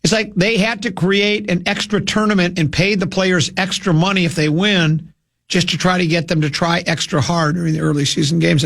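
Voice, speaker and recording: A man hosting sports talk radio, rambling and opinionated, with frequent halting restarts. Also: on the high side, gravelly, breathy edge.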